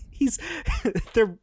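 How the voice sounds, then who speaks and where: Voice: mellow, no room sound, clean studio sound. A podcast co-host in a casual film review chat who laughs often and chimes in with short agreeing replies.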